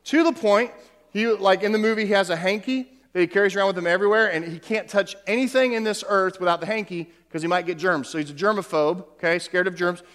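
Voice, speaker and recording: Male pastor, higher-pitched voice, chatty sermon delivery with stumbles and asides, big echoing sanctuary sound. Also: fast, a bit bright. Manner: conversational preaching, frequent repeated words and asides. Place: church sanctuary. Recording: long hall reverb.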